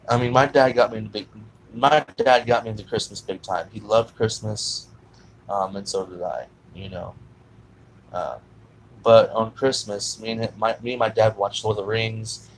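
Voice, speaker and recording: A man's voice: on the low side, a little hiss or hum, poor audio. A man telling a personal story in a rambling, profane way, full of fillers and restarts. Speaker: vlogger telling his life story.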